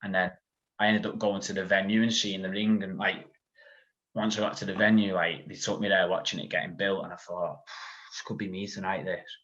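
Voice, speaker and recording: A man's voice: low-pitched, little pitch movement, fairly quick, fairly bright tone. A man, a podcast guest telling a long story in casual chat, full of "like" and asides. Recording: dull lo-fi sound.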